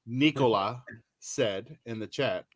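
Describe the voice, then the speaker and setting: A man from the United States co-hosting a gaming podcast, talking in a rambling, halting way with many ums. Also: medium pitch. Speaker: podcast co-host. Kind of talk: casual chat.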